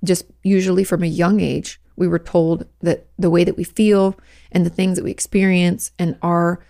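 A woman's voice: fairly low pitch, little pitch movement, normal speed, creaky, warm tone. A woman therapist hosting a podcast, talking frankly and casually with lots of "like" fillers. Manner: conversational, frank, many "like" fillers. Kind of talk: casual advice talk.

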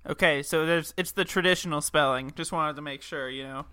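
A man's voice: fairly high pitch, brisk, bright, forceful tone, clean tone. A young man co-hosting a podcast, bantering and joking casually. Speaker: podcast co-host. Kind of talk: casual chat.

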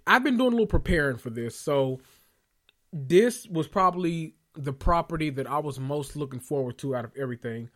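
A young man hosting a podcast, rambling in an excitable, gushing way and swearing freely as he corrects himself mid-thought. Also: mid-range voice. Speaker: podcast host. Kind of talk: casual podcast rant.

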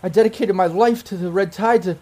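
A man voicing a tearful, frantic female rebel leader who finds her lost lover alive, in a high, breaking voice. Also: fairly quick, dark tone. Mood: emotional, bitter. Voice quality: shrill and tearful.

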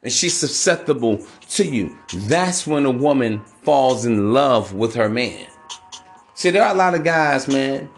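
A man's voice: medium pitch, lively intonation, unhurried, soft background music. A man hosting a podcast, giving relationship advice in a casual, profane, preachy monologue that keeps calling his listeners bro. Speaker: podcast host.

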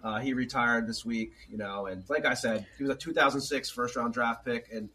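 A man's voice: mid-range voice, steady tone, brisk, bright, forceful tone. A man co-hosting a podcast, introducing the next hockey topic in a casual, hesitant way. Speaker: podcast co-host. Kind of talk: casual sports chat.

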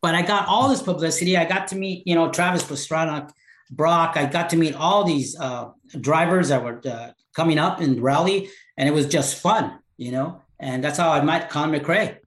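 A man with a slightly high voice tells stories in a loose, animated way and slips into voices for the people he quotes. The sound is roomy, with a clear echo around him. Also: normal speed. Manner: animated, acts out quoted dialogue. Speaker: podcast guest. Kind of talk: casual storytelling.

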